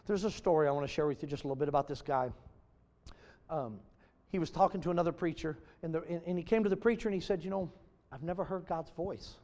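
A high-voiced man preaching a sermon in a hall with a long echo trailing after each phrase. He is high-strung and swings between loud, emphatic bursts and soft, almost whispered lines. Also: fast.

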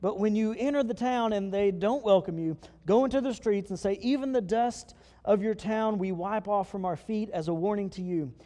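A high-pitched man delivers an animated sermon from the pulpit. He slips into the voices of the people he quotes as he preaches. His voice rings out with a long reverb in the sanctuary. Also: moderate pace. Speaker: pastor. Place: church sanctuary.

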